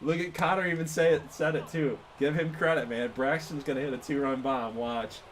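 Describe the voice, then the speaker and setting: A man giving casual play-by-play commentary over a baseball video game, excitable and quick to laugh and react to each play. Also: a little high, a little hiss or hum. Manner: excitable, laughs often, reacts loudly to plays. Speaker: gaming channel host.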